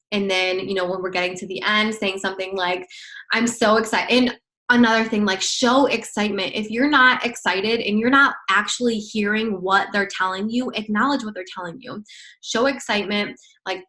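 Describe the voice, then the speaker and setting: A woman's voice: medium pitch, fairly even intonation, normal speed, bright, forceful tone, poor audio. A woman coaching others on sales follow-up in a casual screen-share training, bubbly and gushing as she acts out chats with clients.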